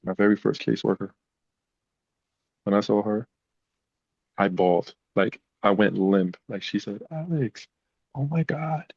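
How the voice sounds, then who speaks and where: A man's voice: fairly low pitch, a little slow, vocal fry, long pauses, no room sound, dull audio. A man, a podcast guest, telling personal stories in a casual, emotional way. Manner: emotional, animated retelling. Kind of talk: casual storytelling.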